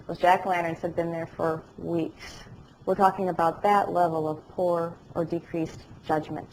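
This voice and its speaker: Woman educator, lower pitch, animated lecturer who likes a joke. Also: a little hiss or hum, rough recording. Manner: animated storytelling with jokes. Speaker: dementia care educator. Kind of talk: lecture to a class, also telecast. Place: classroom or lecture hall.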